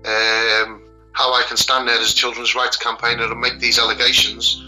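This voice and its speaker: A man with a Scouse accent, speaking as an interview guest. His voice is very bright and forward, and he talks plainly, pausing on ums. Faint music plays behind him. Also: mid-range voice, flat delivery, low-quality recording. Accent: Liverpool (Scouse). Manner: plain-spoken, hesitant with many ums. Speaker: interview guest, children's rights campaigner. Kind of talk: casual interview answers.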